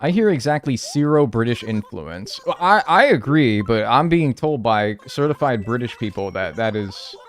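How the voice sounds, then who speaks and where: Playing a game on a live stream, this man keeps up animated talk with his viewers, joking with chat and swearing freely. His mid-range voice moves at a moderate pace with few pauses.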